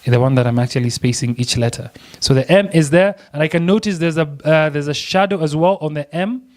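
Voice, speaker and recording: A man teaching a design software lesson, chatty and excitable, laughing often as he works. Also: fairly high pitch, fairly quick. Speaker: design tutor. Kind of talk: screen-recorded software tutorial.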